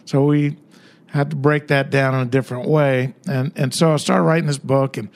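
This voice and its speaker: A man's voice: medium pitch, flat delivery, normal speed, vocal fry. An older man, a guest author, telling stories in a rambling, conversational way with many fillers. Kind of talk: casual storytelling interview.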